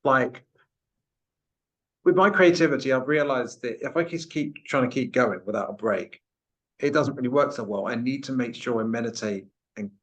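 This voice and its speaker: A man's voice: mid-range voice, a bit bright. A man hosting an interview, asking long searching questions in a rambling, self-deprecating way. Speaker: interviewer, podcast host. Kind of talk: casual interview conversation.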